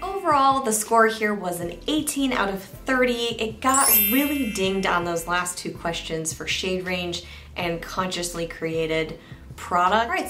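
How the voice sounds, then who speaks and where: A woman's voice: on the low side, a bit bright. A young woman giving a candid, chatty makeup review that she speaks straight to her viewers. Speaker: beauty reviewer. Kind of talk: casual product review vlog.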